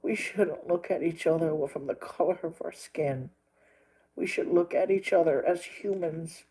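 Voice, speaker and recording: A man's voice: on the high side, a little slow, dark tone, slightly rough, rough recording. Tearful man pleading for peace. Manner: pleading, repetitive, swearing. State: crying. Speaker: livestreamer. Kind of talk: emotional monologue to viewers.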